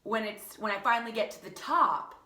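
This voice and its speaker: Bright-voiced woman telling a story. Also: a little high, brisk, reverberant. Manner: animated, lots of fillers, laughing through the tale. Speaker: teacher and channel host. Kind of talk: casual personal storytelling.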